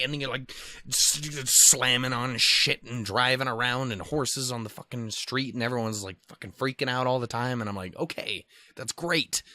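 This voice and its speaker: A young man from Montana hosting a casual solo podcast, rambling and swearing, acting out other people in animated quotes. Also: medium pitch, normal speed. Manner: profane, rambling, animated quoting. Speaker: podcast host.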